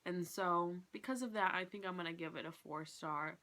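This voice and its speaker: A woman giving a casual vlog book review, retelling the plot in an animated way and acting out quotes with lots of "like". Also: fairly low pitch, normal speed.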